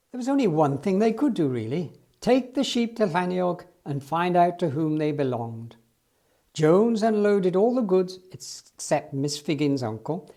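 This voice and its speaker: Animated man reading a children's story. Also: sits high, a little slow. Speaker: storybook reader. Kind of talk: children's story read aloud.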